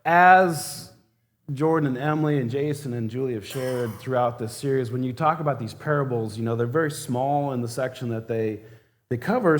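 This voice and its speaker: Male church elder, mid-pitched, casual storytelling sermon with humor. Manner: conversational and humorous, acts out scenes.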